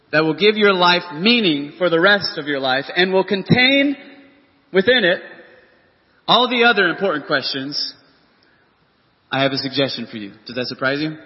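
A man preaching a sermon as pastor, earnest and full of rhetorical questions. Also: fairly high pitch. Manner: earnest, rhetorical questions, reads scripture aloud. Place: church hall. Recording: dull lo-fi audio with long church reverb.

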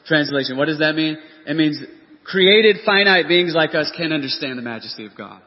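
A man's voice: fairly high pitch, animated, moderate pace. A man preaching a sermon as pastor, earnest and full of rhetorical questions. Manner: earnest, rhetorical questions, reads scripture aloud. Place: church hall. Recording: dull lo-fi audio with long church reverb.

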